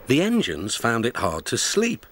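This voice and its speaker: A man giving calm, gentle scripted storybook narration. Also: medium pitch, a little slow, no echo. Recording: narration over loud music.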